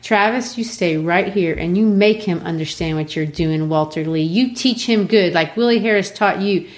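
Lady reading as a stern old mom, firm and grave, lowish voice. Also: moderate pace, lightly acted. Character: stern, dignified older mother.

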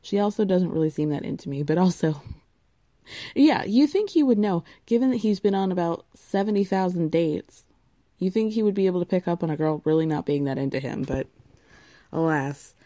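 A woman's voice: lowish voice, moderate pace, dark tone, no room sound, studio quality. A young woman recapping a reality show in casual, sarcastic chat, blunt and swearing freely.

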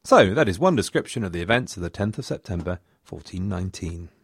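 A man's voice: low voice, fast, breathy edge, no room sound, studio quality. A man narrating history as a podcast host, with wry, chatty asides. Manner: wry, lively storytelling with asides.

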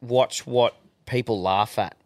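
A man's voice: medium pitch, fairly even intonation, no echo, studio quality. A man hosting a podcast, chatting casually, swearing often and laughing easily. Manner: laid-back, heavy swearing, quick to laugh. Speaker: podcast host. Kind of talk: casual chat.

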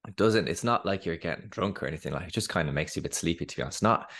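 A man co-hosting a casual podcast, telling stories in a relaxed way with wry humour. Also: sits low, rapid-fire, breathy edge. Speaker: podcast co-host.

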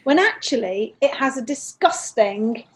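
A woman in her fifties from northern England, a podcast host chatting in a cheeky, animated storytelling way. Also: sits high, unhurried, a little hiss or hum. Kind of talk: casual chat.

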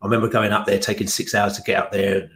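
Chatty rambling man, low voice. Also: level tone, fairly bright tone. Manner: chatty and rambling, with frequent fillers and quick laughs. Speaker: guest football podcaster. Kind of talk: casual podcast chat.

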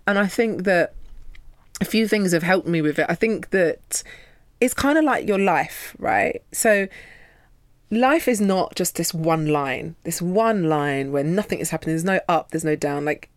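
A woman's voice: lowish voice, expressive, a little slow, no echo. A woman from London, a yoga teacher guesting on a podcast, talking casually and playfully acting out her inner voice.

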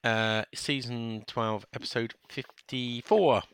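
A man's voice: mid-range voice, steady tone, takes it slowly, a bit bright, clear, resonant tone, no room sound. A man opening a podcast episode in casual chat, playful and self-mocking. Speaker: podcast host opening the show.

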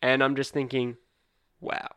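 A man's voice: mid-range voice, completely flat delivery, unhurried, pushed and bright, clean tone, no room sound. A man with an Australian accent, rambling and laughing through a casual chat as a podcast co-host.

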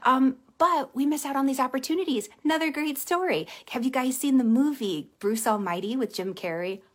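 A woman hosting a casual motivational livestream, telling stories animatedly and dropping to a soft hush on key points. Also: sits high, fairly quick. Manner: animated storytelling with acted-out quotes. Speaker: live stream host, empath coach.

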